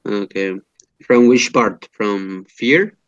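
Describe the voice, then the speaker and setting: Halting male student on a muffled call. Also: fairly low pitch, no echo. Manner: halting, clears throat often. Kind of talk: reading aloud in class. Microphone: video call.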